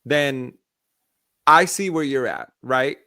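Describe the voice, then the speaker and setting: A man co-hosting a podcast, chatting casually and telling animated stories with acted-out voices. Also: medium pitch, takes it slowly, no room sound, clean studio sound. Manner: animated storyteller acting out voices. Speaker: podcast co-host. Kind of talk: casual chat.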